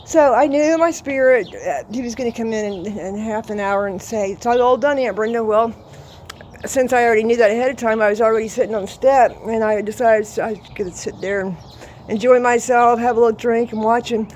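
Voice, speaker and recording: A woman's voice: on the high side, fairly quick, a little mellow, slight background noise. A woman in her sixties telling a funny family story outdoors in a salty, boisterous, laughing way. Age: 60s. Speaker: vlogger. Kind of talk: casual storytelling. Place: outdoors at her home yard.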